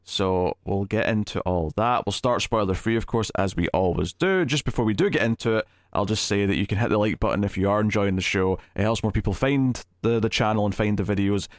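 A man's voice: fairly low pitch, fairly quick, hardly any pauses, no room sound. Chatty male podcast host, dry close sound. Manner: chatty, animated, laughs often. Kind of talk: casual movie podcast chat.

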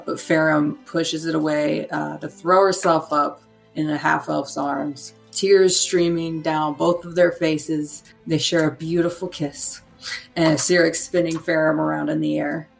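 A woman playing a tabletop game, narrating her character's scene with halting restarts. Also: low voice, flat delivery, gravelly, faint music behind, low-quality recording. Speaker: player. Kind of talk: role-play storytelling.

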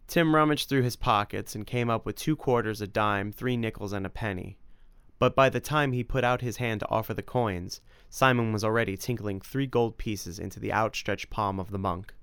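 A man narrating an adventure story as an audiobook, in an even storytelling manner. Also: fairly low pitch, moderate pace, clear, resonant tone, no room sound. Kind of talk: scripted narration.

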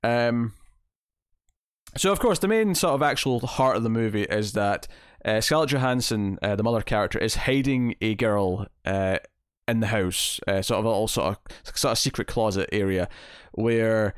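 A man's voice: fairly low pitch, normal speed, clear, resonant tone, dry recording, studio quality. A man hosting a podcast, talking through a film in casual chat with lots of restarts and fillers. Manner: rambling, many restarts and fillers. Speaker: podcast host. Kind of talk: casual movie review chat.

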